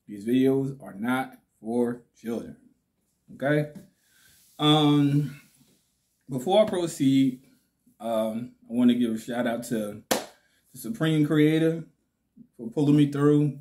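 Man, slight lisp, slow pace, casual slangy vlog talk, mid pitch. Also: a little mellow. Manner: slow, laid-back, slangy, laughs often. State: slight lisp from swollen cheeks. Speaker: channel host.

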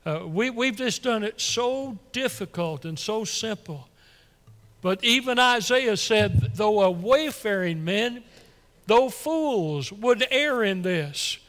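A male pastor delivers his sermon in a high voice, folksy and easily excited, doubling words when the feeling runs ahead of him. His voice rings out through a church with a long, lingering reverb. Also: takes it slowly. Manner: excitable, folksy, stumbles and repeats when worked up. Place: church sanctuary.

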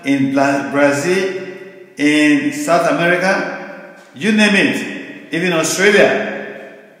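An older man preaching a sermon as pastor, in an emphatic, repetitive cadence with slow, stressed phrases. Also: a little high, fairly bright tone. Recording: very echoey hall with long reverb.

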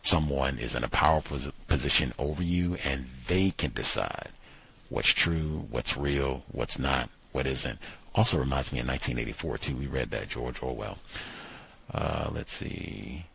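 Very deep, gravelly, husky-voiced man. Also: a bit bright. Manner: thinking aloud, pausing with "uh, let's see". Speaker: book commentator. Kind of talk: casual book discussion with read-aloud passages.

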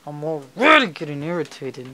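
An excitable young man narrating his own football video game match, his pitch swinging widely between grumbles and shouts. His voice is bright, and his speech is unhurried between outbursts. Faint music plays under the gameplay. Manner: excitable, yelling and swearing at the game. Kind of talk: casual gameplay commentary.

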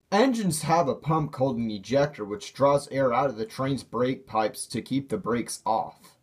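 Man reading a storybook slowly. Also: mid-range voice. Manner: measured and expressive.

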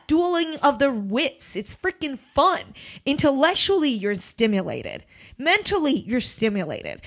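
A woman in her thirties hosting a podcast in a casual motivational monologue, emphatic and blunt, swearing freely with big swings in pitch. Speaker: podcast host and recruiter.

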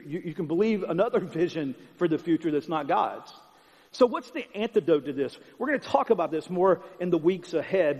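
Pastor, male, higher-pitched, punchy repetitive sermon delivery in a reverberant church hall. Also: darkish tone. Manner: emphatic, conversational preaching with repetition. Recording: long hall reverb, dull sound.

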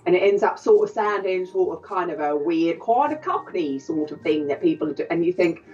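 Dialect coach, lower voice, distant mic. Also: female voice, animated, normal speed, darkish tone, muffled recording. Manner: thoughtful, conversational, hesitant phrasing. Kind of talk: interview answers.

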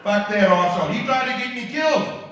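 A man's voice: extremely high pitch, lively intonation, fast talker, fairly bright tone, a little hiss or hum. A South African man in his fifties doing a brash, profane stand-up set on a comedy club stage. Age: 50s. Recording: echoey club, voice from far off.

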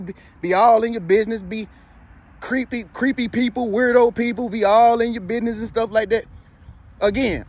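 Here a man in his thirties with a high, slightly rough voice delivers laid-back motivational talk as a vlogger. He preaches, repeats himself, and often asks "you feel me."

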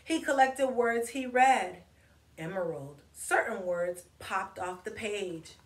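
A woman reading a picture book aloud to children, slowly spelling out words and inviting them to clap syllables with her. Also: medium pitch, distant mic. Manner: slow, encouraging, spells and claps words with kids. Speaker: storytime reader. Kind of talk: children's read-aloud lesson. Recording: echoey room with faint noise.

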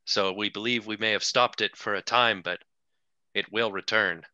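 A man with a low voice but a very bright, edgy tone plays a tabletop game. He explains politely and stammers often. The recording is dry and dull. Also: steady tone, moderate pace, clear, resonant tone, dry recording. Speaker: player. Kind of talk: casual tabletop play.

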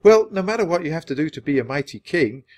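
A man voicing a cheerful, kind young girl in a storybook reading, talking brightly and earnestly. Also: a little high, animated, fast, pitched above the performer's own voice, natural voice.

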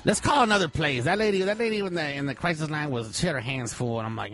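A man's voice: on the high side, fast, fairly bright tone, faint music behind. A man hosting a prank call comedy show, who talks in a loose, slangy and hyped way. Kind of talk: casual set-up for a prank call.

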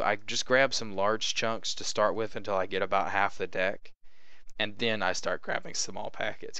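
A man's voice: lowish voice, sharp tone, clean tone, no room sound. A young man casually teaching a card trick, chatty and demonstrative, often checking in with "okay?". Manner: chatty, repeats "okay?" to check in, acts out patter. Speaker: magic tutorial host.

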